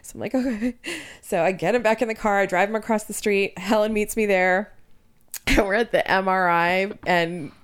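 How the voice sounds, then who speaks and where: Thirty-something woman, chatty podcast co-host, mid-pitched and lively as she acts out the people in her story. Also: normal speed, clean tone. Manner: animated storytelling, quotes others. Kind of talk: casual chat.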